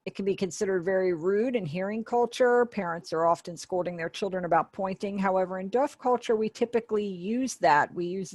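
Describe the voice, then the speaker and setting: A woman's voice: on the low side, a little mellow, no echo. Woman voicing a sign language lesson. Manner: conversational, explaining step by step with asides. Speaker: ASL voice interpreter for a webinar teacher.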